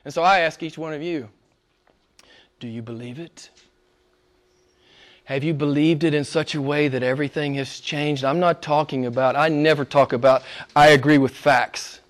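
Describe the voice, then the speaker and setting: Pastor preaching, male, high voice; emphatic, questioning, swings from loud to near-hushed. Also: fairly even intonation, a little fast. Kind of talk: sermon.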